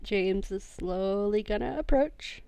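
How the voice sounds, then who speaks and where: A woman's voice: mid-range voice, takes it slowly, gravelly, warm tone, clear, resonant tone, dry recording. A woman playing a tabletop role-playing game who chats casually and often laughs at herself. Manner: giggly, self-deprecating. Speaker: player.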